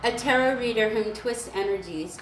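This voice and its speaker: A woman vlogger in a rambling, emotional spiritual monologue, irritated and halting, with a gravelly voice. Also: a little high, distant mic, slight background noise. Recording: echoey room with faint ambience.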